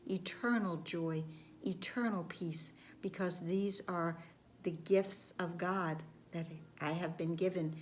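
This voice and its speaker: Woman, lowish voice, very slow and gentle lesson delivery, drifts into whispers, faint hiss behind. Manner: slow, gentle, repetitive phrasing with soft whispered words. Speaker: spiritual course teacher. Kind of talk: reflective lesson talk.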